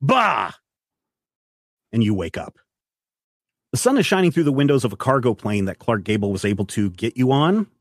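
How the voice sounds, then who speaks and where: A man's voice: mid-range voice, very animated, brisk, a little mellow, no room sound, clean studio sound. A man running a tabletop role-playing game, narrating scenes and explaining rules with some restarts. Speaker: game master.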